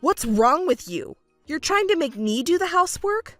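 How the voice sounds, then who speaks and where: A woman's voice: sits high, sing-song, normal speed, fairly bright tone, dry recording, soft background music, voice pushed up. A woman voicing an arrogant young fiancé who talks down to his partner in a scolding, condescending way. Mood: scornful. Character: arrogant self-important young man, fiancé. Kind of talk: texting story voice acting.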